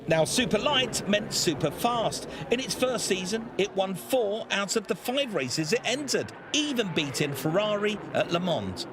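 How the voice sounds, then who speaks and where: A man's voice: sits high, very animated, a little slow, few pauses, background noise. A man narrating a documentary in an upbeat scripted voice. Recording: music bed under voice.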